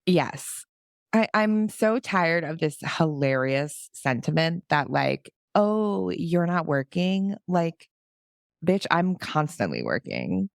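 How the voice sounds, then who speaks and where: Animated low-voiced woman. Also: slow, creaky, dry recording, clean studio sound. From New Jersey, USA. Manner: animated, acts out quoted voices. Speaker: podcast host. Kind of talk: casual chat.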